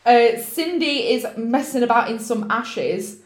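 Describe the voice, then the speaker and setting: A woman's voice: a little high, unhurried. A woman chatting casually, retelling a film scene by scene and laughing as she acts out characters' lines. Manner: animated, laughing often, acting out characters' lines. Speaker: podcast co-host recapping a film. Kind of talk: casual chat. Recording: roomy echo.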